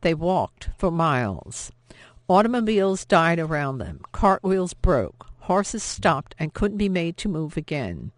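A woman narrating a novel in a measured, steady, expressive way, recorded close to the mic. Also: lowish voice, dry recording. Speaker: audiobook narrator. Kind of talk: scripted narration.

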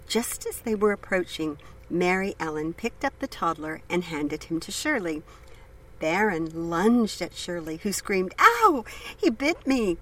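A woman narrating an audiobook in a measured, steady way. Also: fairly low pitch, poor audio. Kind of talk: scripted narration.

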